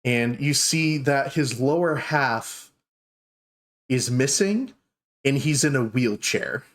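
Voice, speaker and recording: A man's voice: medium pitch, animated, slow pace, a bit bright. A man narrating a fantasy tabletop game as game master, in a loose, filler-heavy way.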